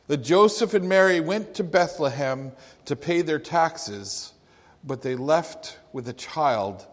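Male preacher, mid-range voice, slow and deliberate, asks rhetorical questions, long echoing reverb behind him. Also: a little high. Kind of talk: sermon.

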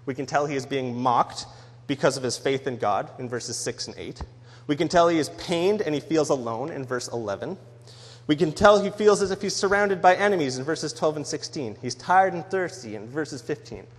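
A man's voice: a little high, lively intonation, moderate pace, husky. Earnest man preaching in a reverberant hall. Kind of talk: sermon on a psalm.

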